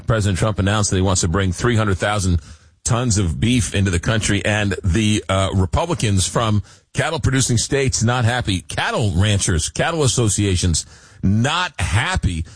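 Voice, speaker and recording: A man's voice: on the low side, no room sound. A man hosting a late-night radio talk show, joking and stumbling over repeated words and fillers.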